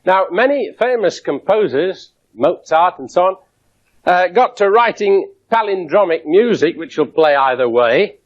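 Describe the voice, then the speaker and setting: Male science lecturer, slightly high voice, wry and demonstrative, muffled 1970s broadcast sound. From England. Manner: lively, wry demonstrating with audience. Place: lecture theatre with audience. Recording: dull 1970s broadcast recording.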